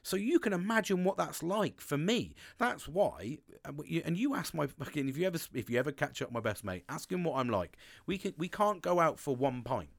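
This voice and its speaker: A man, talking candidly and excitably to camera, swearing constantly and restarting sentences. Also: fairly quick, gravelly, hardly any pauses. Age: 40s. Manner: swears constantly, animated, pitch jumps with excitement. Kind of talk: candid monologue.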